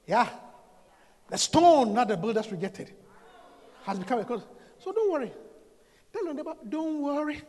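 A man preaching a sermon, shouting and calling out to the congregation in a sing-song way. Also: very high-pitched, big pitch swings, normal speed, long pauses, in a large hall.

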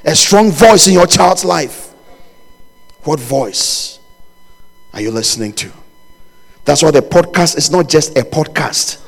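A man preaching a sermon as pastor, swinging from quiet low passages to loud, shouted lines, with jokes and laughter for the congregation. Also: a little slow, vocal fry, long pauses, in a large hall. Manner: animated, rising to shouts and dropping low.

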